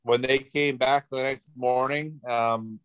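A man in casual conversation as a paranormal investigator, easygoing and matter-of-fact, with quick affirmations. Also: medium pitch, fairly even intonation, fairly bright tone, clear, resonant tone.

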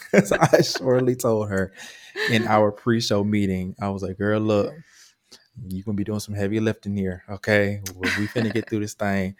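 A man co-hosting a podcast, slightly hoarse from a cold, talking. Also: fairly low pitch, a little mellow. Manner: playful, preacher-like flourishes. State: hoarse, under the weather. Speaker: podcast co-host. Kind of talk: casual chat.

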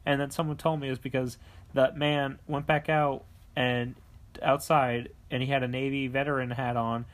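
A young man chats with a friend and swears freely. He is blunt, jumps into stories with animated acted-out bits, and keeps his voice at a medium pitch. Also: moderate pace. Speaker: podcast co-host. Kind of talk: casual chat.

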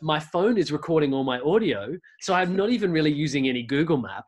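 A man's voice: a little high, expressive, fast. An Australian man chatting as a podcast guest, telling a story in a loose, rambling way with many fillers and restarts. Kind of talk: casual conversational storytelling.

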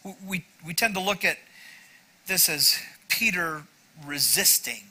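A man's voice: sits high, lively intonation, measured pace, bright, forceful tone, low-quality recording. A middle-aged male pastor giving a sermon in a conversational, self-deprecating way, with frequent asides to the congregation.

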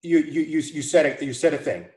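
A man in a casual debate, speaking in a measured, somewhat formal way. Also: on the high side, a little mellow, reverberant. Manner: measured, formal phrasing like "I contend".

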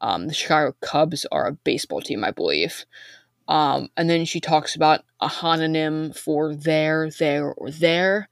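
A woman's voice: deep voice, measured pace, creaky, no room sound, clean studio sound. A woman co-hosting a podcast, chatting casually and reading listener emails, hesitant and full of ums. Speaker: podcast co-host.

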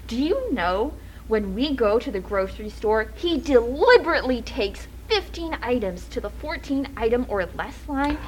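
A woman's voice: fairly high pitch, animated, normal speed, a little hiss or hum, natural voice, low-quality recording. An actress playing a sullen, disdainful band singer who snaps back at her partner in a comedy radio sketch. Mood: scornful. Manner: scornful, exasperated.

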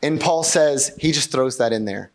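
A man's voice: medium pitch, animated, moderate pace. A pastor preaching a sermon in a conversational way, asking rhetorical questions and often checking in with his congregation.

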